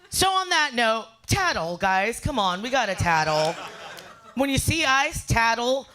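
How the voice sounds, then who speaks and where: A woman doing a stand-up comedy set, brash and profane, telling a story with loud voiced asides. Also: on the high side, sing-song, a little slow, some chatter behind. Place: live fundraiser show.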